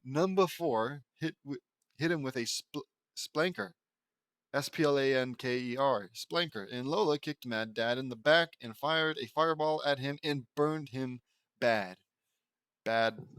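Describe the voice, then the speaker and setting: A man's voice: mid-range voice, fairly bright tone, smooth, no room sound, studio quality. A man reading fan fiction aloud with stumbling, rambling asides and restarts. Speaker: audiobook reader.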